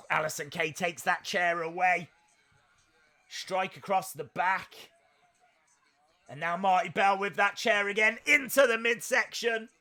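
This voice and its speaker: A man hosting a live wrestling watch-along stream, commenting in a jokey, excitable way and breaking into shouts at big moments. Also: high voice, a little slow, long pauses, faint music behind.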